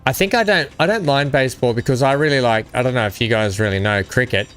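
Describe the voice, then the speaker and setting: A man's voice: medium pitch, quick pace, fairly bright tone, clear, resonant tone. An Australian man hosting a gaming video, chatting casually and enthusiastically while he plays, often rambling. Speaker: gaming channel host. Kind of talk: casual gameplay chat.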